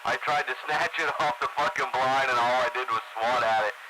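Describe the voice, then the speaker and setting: A radio co-host chats casually, swearing nonstop as he tells his stories. His medium-pitched voice is fairly even and fairly quick, recorded with loud background noise.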